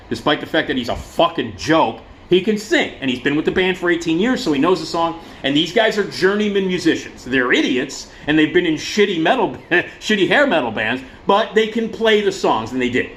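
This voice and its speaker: A man's voice: a little high, a bit bright, slight background noise. Profane, sarcastic ranting man. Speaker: vlogger. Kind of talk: casual ranting commentary.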